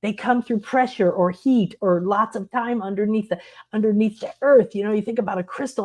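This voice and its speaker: A middle-aged woman speaks to her viewers as a spiritual teacher. Her talk is unscripted and earnest, and it wanders from thought to thought. She sits in the middle range of pitch and speaks from the heart. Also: brisk, mellow.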